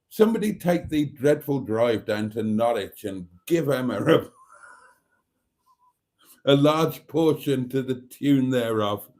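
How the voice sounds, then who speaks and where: A man's voice: medium pitch, darkish tone. Man reading his live chat. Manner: reads viewer comments aloud, chuckling often. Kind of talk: casual live stream chat.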